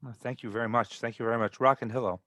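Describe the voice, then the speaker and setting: Male host, halting, dry close sound, mid pitch. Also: fairly even intonation, fairly bright tone, dry recording. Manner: halting, many restarts and fillers. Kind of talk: hosting a community video call.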